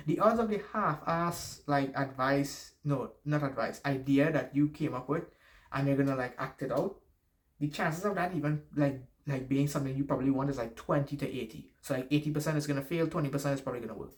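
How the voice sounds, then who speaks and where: This male YouTuber has a medium-pitched voice, a noticeable non-native accent and a slightly fast delivery. His life-advice monologue is casual and rambling, full of restarts and swearing.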